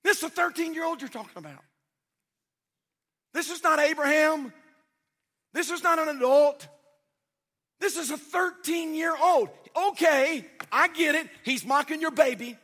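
A male pastor preaching a sermon in a church, animated and swinging from loud calls to quiet, tender asides. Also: very high-pitched, unhurried, pauses often, big-room sound. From United States. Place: church sanctuary.

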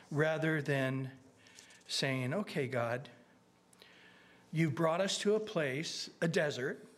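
A middle-aged male pastor delivering a conversational sermon in a fairly high voice. He talks in an earnest, folksy way, stumbling over restarts. He slips into acted-out prayers and asides.

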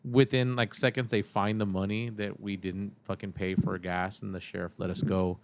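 Low-voiced man telling a laid-back story. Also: level tone, moderate pace. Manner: laid-back, profane, says "man" often. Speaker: podcast guest. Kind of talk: casual storytelling chat.

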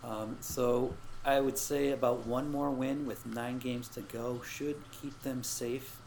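A man's voice: mid-range voice, fairly even intonation, darkish tone, slight background noise, poor audio. A man co-hosting a podcast, recapping results in casual sports chat, swearing and joking freely. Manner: swears freely, quick jokes. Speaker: podcast co-host.

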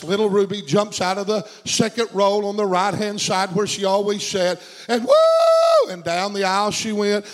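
Fervent high-voiced preacher. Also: male voice, rough recording. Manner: storytelling preacher, fervent and repetitive. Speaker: pastor. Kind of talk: sermon.

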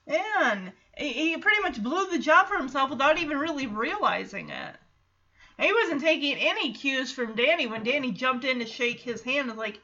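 Woman, podcast host, animated casual recap, bright tone, slightly muffled recording. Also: sits high, moderate pace. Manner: animated, acts out characters' lines with laughs. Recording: slightly dull lo-fi sound.

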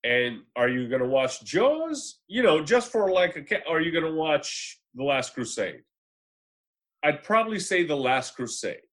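A man co-hosting a casual movie podcast, telling stories with animated energy and acting out the people he quotes. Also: a little high, unhurried. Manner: animated storyteller, acts out quoted voices. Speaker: podcast co-host. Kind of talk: casual movie chat and storytelling.

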